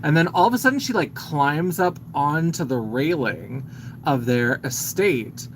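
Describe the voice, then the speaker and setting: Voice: mid-range voice, lively intonation, a little slow, slight background noise, poor audio. A man hosting a live stream, casually retelling a film's plot in a chatty, filler-heavy way and greeting viewers as he goes. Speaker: host.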